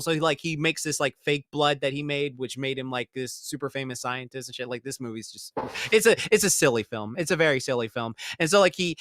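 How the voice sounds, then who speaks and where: A man's voice: mid-range voice, a little fast, fairly bright tone, no echo, studio quality. A man hosting a podcast, chatting casually about a movie in a profane, rambling way, mocking the characters in quoted voices. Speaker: podcast host. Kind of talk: casual movie review chat.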